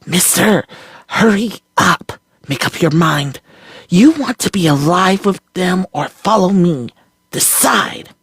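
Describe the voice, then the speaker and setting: A high, piercing young girl's voice, put on by a storytelling reader, pressing and insistent as she urges someone to hurry. The delivery is unhurried between the calls. The sound is dry and close. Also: expressive, a bit bright, husky, dry recording, heavily acted. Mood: urgent. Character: sharp-voiced young girl hiding in the wall.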